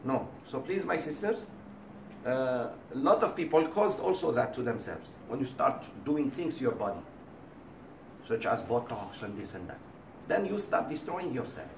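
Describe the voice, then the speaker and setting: Man, religious teacher, animated delivery, acts out quotes, distant roomy recording. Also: mid-range voice, normal speed, vocal fry, slight background noise. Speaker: Islamic teacher. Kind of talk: lecture to a class. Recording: roomy, distant mic, faint background.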